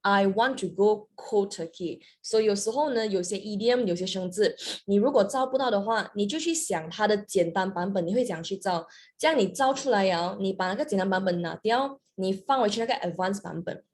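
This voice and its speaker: A woman's voice: medium pitch, brisk. Young woman tutor, chatty, mixes in Mandarin, online lesson. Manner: switches between English and Mandarin, chatty and lively. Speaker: English teacher.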